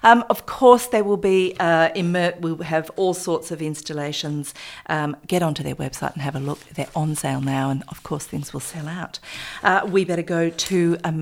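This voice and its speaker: Low-voiced chatty woman. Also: moderate pace, creaky. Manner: chatty, enthusiastic, many fillers. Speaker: radio presenter. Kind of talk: casual radio chat.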